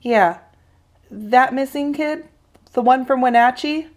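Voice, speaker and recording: A woman reading aloud to children, voicing a frightened, hurt young boy who pleads in halting bursts. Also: high-pitched, voice pushed up. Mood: hesitant.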